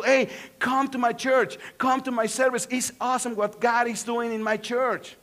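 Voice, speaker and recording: A pastor from Mexico, speaking with a Mexican Spanish accent, preaches an animated sermon in a high-sitting voice. He swings between hushed moments and excited ones, slipping in joking asides.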